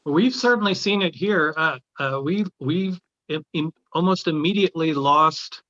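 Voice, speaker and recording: Gallery-owner guest, man, somewhat high voice, hesitant delivery with frequent restarts, dull dry recording. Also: moderate pace, bright, forceful tone, no echo. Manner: hesitant, many restarts and fillers. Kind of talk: conversational discussion.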